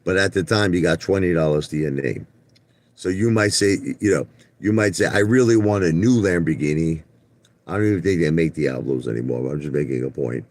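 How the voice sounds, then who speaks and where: Blunt low-voiced man ranting on a livestream. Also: animated, brisk, no echo. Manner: blunt, repetitive, stumbles and restarts; talks straight to chat viewers by name. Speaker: livestream host. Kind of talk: ranting live stream talk.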